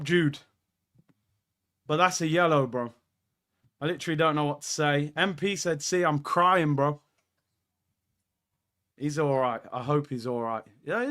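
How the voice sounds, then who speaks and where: A man with a high, bright voice hosting a live football watchalong from an indoor room. He reacts excitedly to every moment of play and reads viewers' messages aloud. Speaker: watchalong host.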